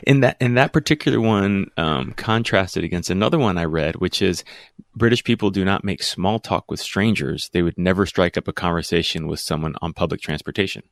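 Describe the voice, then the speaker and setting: A man's voice: low voice, a little fast, vocal fry, dry recording, studio quality. A man hosting a podcast interview, chatty and upbeat, often restarting his sentences. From United States. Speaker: podcast host. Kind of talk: casual interview chat.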